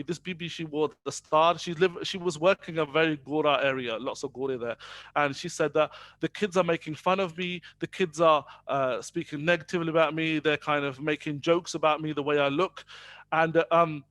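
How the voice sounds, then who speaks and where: A man tells a story to his listeners in an easy, rambling way, full of fillers and restarts. His voice sits fairly high for a man. The sound is dry and close. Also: fairly even intonation, a little fast, a bit bright, no room sound. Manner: conversational, many fillers, switches between English and Punjabi. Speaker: speaker telling faith stories. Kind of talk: storytelling talk to an audience.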